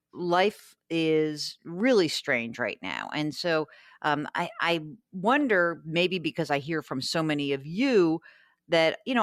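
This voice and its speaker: A woman hosting a radio show about money, telling a story and reading listener mail in a chatty, animated way. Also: rumbling low, dry recording, studio quality. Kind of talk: casual radio talk.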